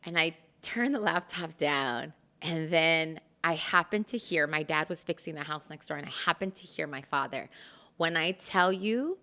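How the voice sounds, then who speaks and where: A woman's voice: low-pitched, normal speed, pushed and bright. A woman guest in a podcast chat, candidly telling a personal story and slipping in Spanish phrases.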